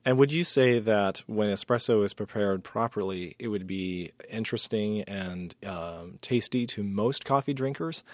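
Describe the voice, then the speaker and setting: A man's voice: on the low side, dry recording. A man hosting a casual interview show, asking long, thoughtful questions. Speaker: podcast host.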